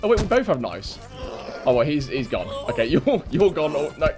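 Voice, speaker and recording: A man streaming a fighting game, reacting loudly, repeating himself and laughing often. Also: on the high side, big pitch swings, normal speed, over music. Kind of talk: excited gameplay commentary.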